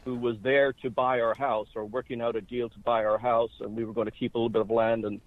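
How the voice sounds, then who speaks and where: A man's voice: medium pitch, quick pace, dry recording. A man in his sixties from Ireland with a Boston accent, telling a personal story steadily in a phone interview. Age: 60s. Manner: steady, conversational storytelling with fillers. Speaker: guest. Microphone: phone call. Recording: dry, tinny phone line.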